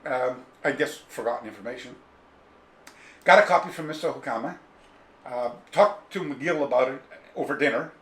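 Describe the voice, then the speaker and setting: Animated man telling stories in an echoey room. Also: mid-range voice, moderate pace, long pauses. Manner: animated, digressive, mimics people in his stories. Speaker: interview guest, karate author. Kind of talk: casual storytelling. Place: a room in his home. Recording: echoey room with faint ambience.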